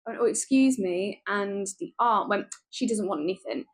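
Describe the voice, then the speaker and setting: Woman, young adult vlogger, lively storyteller, mid-range pitch. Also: normal speed. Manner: lively, animated retelling with laughs and asides. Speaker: travel vlogger. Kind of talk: chatty storytelling vlog.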